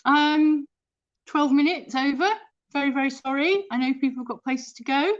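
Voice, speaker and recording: A woman's voice: sits high, normal speed, muffled recording. A woman chatting casually and rambling on a live stream from her kitchen, reading out viewer comments as she goes. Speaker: thrift reseller hosting a live stream. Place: home kitchen.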